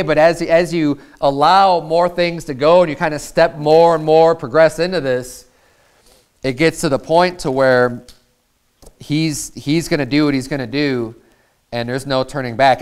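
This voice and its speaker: A male pastor delivers a sermon in a loose, conversational way, stumbling over and repeating words as he retells scripture. His voice sits on the higher side and sounds smooth and resonant.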